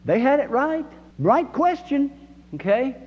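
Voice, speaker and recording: A man's voice: extremely high pitch, big pitch swings, unhurried, breathy edge. A man preaching a sermon in a church and leading call-and-response with the congregation, in an emphatic manner. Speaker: pastor. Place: church sanctuary. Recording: dull sound with long hall reverb.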